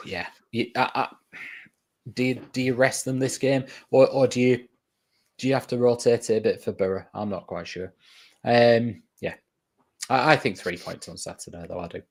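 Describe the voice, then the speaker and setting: A man's voice: medium pitch, fairly even intonation, moderate pace. A man co-hosting a football podcast, talking in an easygoing way with stammered restarts and tag questions. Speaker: podcast co-host. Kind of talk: casual football chat.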